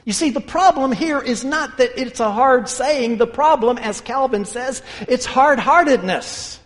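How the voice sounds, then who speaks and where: A high-voiced male pastor preaching with emphatic, conversational delivery and folksy asides. He sometimes drops to a hushed near-whisper to stress a point. His voice carries a long reverb, as in a large hall. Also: a little slow. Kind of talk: sermon.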